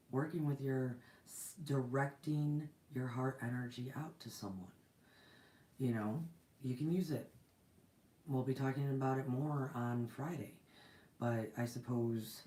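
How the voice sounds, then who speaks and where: A woman hosting a spiritual channel chats casually, bubbly and rambling, breaking into giggles. Her voice is mellow and sits on the low side, picked up from a distance by a device camera. The home room around her is echoey. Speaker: channel host giving spiritual messages. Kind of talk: casual livestream chat.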